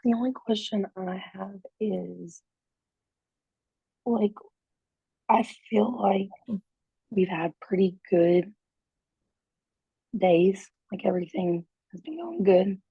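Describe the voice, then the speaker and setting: A woman's voice: mid-range voice, slow, vocal fry, pauses often, breathy edge, no room sound. A mother in a parenting group, telling her story on a call in a hesitant, rambling way full of fillers. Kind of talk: casual account on a group call. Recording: dull, dry lo-fi call audio.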